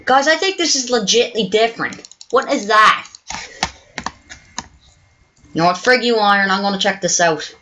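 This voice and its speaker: Excitable bright-voiced woman gaming. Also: medium pitch, normal speed, pauses often, low-quality recording. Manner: excitable, exclaiming, swears often. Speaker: gameplay video host. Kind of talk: let's play gameplay commentary.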